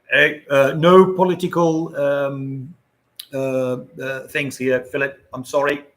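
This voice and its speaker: A man's voice: fairly high pitch, little pitch movement, drawn-out words, fairly bright tone. An older man hosting a casual livestream, chatting to viewers in a rambling way and chuckling often. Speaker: livestream host. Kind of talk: casual live-stream chat.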